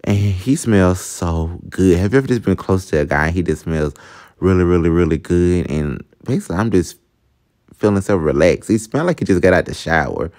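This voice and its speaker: A man's voice: low-pitched, brisk, a little mellow. A young man telling a personal story in a chatty storytime vlog, talking straight to his viewers. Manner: chatty, addresses viewers as y'all, laughs at himself. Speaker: vlogger.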